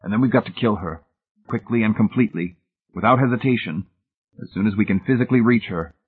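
A man voicing a decisive, commanding leader who speaks forcefully. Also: lowish voice, quick pace, breathy edge, pitched above the performer's own voice. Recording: tinny phone-like sound.

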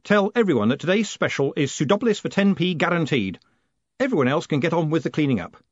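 Man voicing a confident swindler, storybook, brisk, sharp, assured, slightly dull sound. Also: on the high side, expressive, no echo, voice pushed up.

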